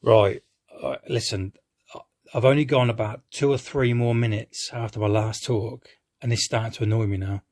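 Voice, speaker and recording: A man's voice: on the low side, steady tone, normal speed, darkish tone. A man giving a rambling, hesitant live-reaction film review, who swears casually and keeps restarting his sentences.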